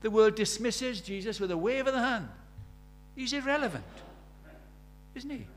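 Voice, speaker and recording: A man's voice: very high voice, expressive, normal speed, a little hiss or hum. A man preaching a sermon, emphatic and storytelling, firing rhetorical questions at the congregation.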